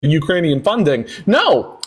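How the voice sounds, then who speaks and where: A man's voice: on the high side, sing-song, measured pace, slight background noise. A man hosting a heated livestream debate, mocking and sarcastic, who often talks over the caller.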